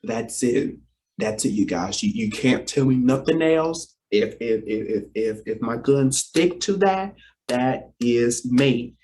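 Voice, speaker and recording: Slow-talking young man, rambling. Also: medium pitch, animated, darkish tone. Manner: rambling, repeats himself, often addresses "you guys"; playful, teasing then apologetic. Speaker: vlogger and talk show co-host. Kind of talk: casual talk to camera.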